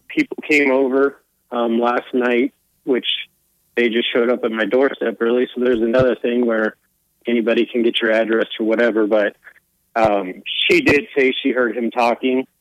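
A man, a guest on a morning radio show, talking hesitantly with many pauses and fillers. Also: mid-range voice, steady tone, no echo, lo-fi sound. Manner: hesitant, lots of ums. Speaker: guest caller. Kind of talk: phone-in interview.

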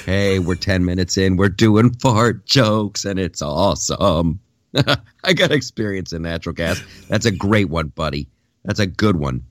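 A man co-hosting a podcast in casual political chat, jokey and animated, with many restarts. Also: low voice, unhurried, dry recording, clean studio sound. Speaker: podcast co-host.

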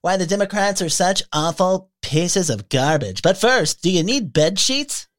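A man's voice: high voice, lively intonation, unhurried, fairly bright tone, pitched above the performer's own voice. A man doing a mocking impression of a whiny male pundit who nags with repeated "really.". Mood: incredulous. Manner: repeats "really" in a nagging, incredulous tone.

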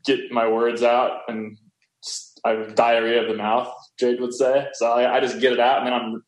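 A man chatting as a podcast guest over a video call from his home office, talking quickly and laughing often. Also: medium pitch, level tone. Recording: echoey room with faint noise.

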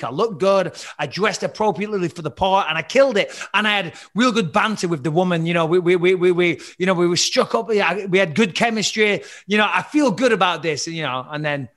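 Fast-talking man with slight British-American accent. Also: high-pitched. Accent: British English with slight American twang. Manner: animated storyteller, self-deprecating. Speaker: actor and podcast guest. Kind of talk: casual chat.

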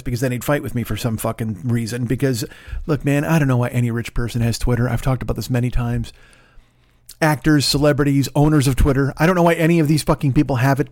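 Speaking from his apartment in Los Angeles, a podcast host with a fairly high voice launches into animated, profane rants. The monologue is casual, comedic and rambling, recorded at studio quality with no room sound.

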